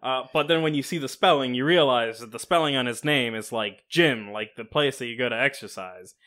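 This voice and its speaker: Eager guy rambling on a comedy podcast, bright voice. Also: mid-range voice, a little fast. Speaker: podcast co-host. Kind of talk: improvised comedy chat.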